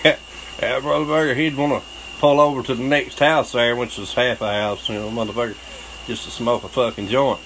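A man's voice: medium pitch, steady tone, a little fast, a bit bright, slight background noise, low-quality recording. A man with a Southern US accent telling a crude, boastful story, swearing constantly and breaking into laughter. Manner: profane, boastful, laughs often. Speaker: channel host telling a story.

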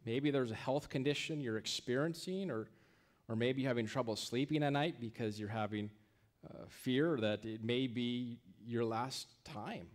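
A man's voice: medium pitch, moderate pace. A male pastor preaching a sermon in a conversational way, often restarting phrases and checking in with "right?".

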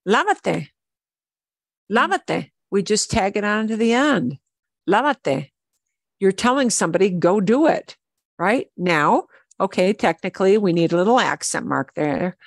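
A woman teaches a Spanish lesson at an unhurried pace. She repeats each word patiently for her learners, and her voice sits close and dry on the mic. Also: mid-range voice, lively intonation, gravelly, no echo. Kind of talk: online language lesson.

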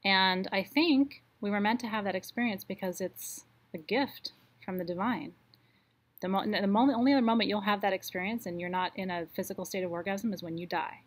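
A woman leading a live online ritual, speaking slowly and soothingly as she guides a meditation, with her voice dropping softer for the affirmations. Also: mid-range voice.

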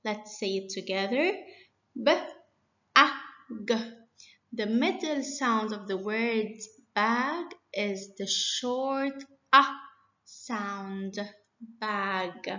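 A woman teacher giving a children's phonics lesson, slowly and patiently spelling words out letter by letter. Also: medium pitch, pushed and bright. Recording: dull, lo-fi and echoey.

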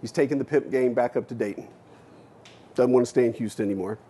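A man gives a keynote speech from a university stage, telling a personal story in a mid-range voice. His delivery is dramatic, dropping to a hush and then rising to emphatic punches. He acts out his own past remarks and swears casually. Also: mid-range voice, fast, slightly rough. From United States. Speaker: keynote speaker.

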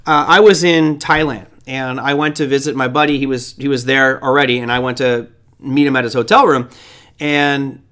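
A man's voice: medium pitch, fairly even intonation, normal speed, fairly bright tone. A man hosting a trading show, giving casual market commentary in a rambling, conversational way with side stories.

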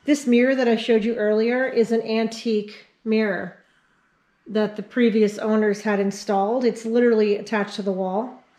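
A woman's voice: a little high, fairly even intonation, normal speed, dark tone, rough recording. A middle-aged woman giving a casual home tour vlog in her house, chatting to viewers as she walks from room to room. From New York, Catskills area. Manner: chatty, talks baby-talk to her dogs. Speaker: home vlogger. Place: home interior, house rooms.

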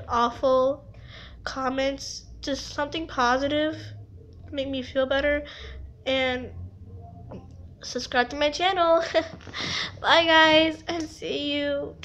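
A young woman crying as she talks in a confessional vlog, halting and rambling, stumbling over her words. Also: high voice, fairly bright tone, dull audio, a little hiss or hum. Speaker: vlogger.

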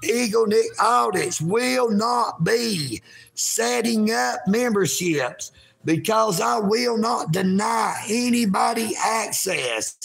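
A man, vlogging outdoors at a park in a folksy, rambling way that bursts into shouting. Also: high-pitched, expressive, slow, vocal fry, slightly rough. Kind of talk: rambling livestream vlog.

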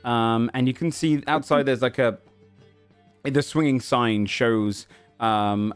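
A man running a tabletop game as game master, describing scenes with lots of ums and uhs. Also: medium pitch. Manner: rambling with many fillers.

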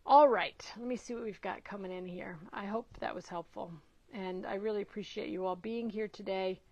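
Mid-range and darkish in tone, this middle-aged woman's voice keeps a fairly even intonation at a moderate pace, heard through dull, dry, lo-fi sound. Running a casual live-stream Q&A on nutrition, she welcomes viewers by name, cheers them on, and hesitates with occasional fillers.

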